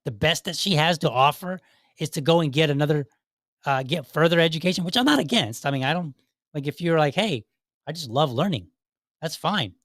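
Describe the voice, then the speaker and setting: A man's voice: a little high, expressive, fairly quick, fairly bright tone, no echo, studio quality. A man hosting a podcast, commenting sarcastically on clips and acting out imagined back-and-forth dialogue. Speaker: podcast host.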